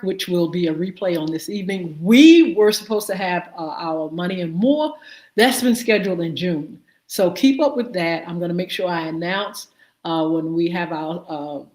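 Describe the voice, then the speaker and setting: A woman hosting a live morning show, greeting viewers by name and giving show updates with many fillers. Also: mid-range voice. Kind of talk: live-stream greetings and announcements. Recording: echoey room.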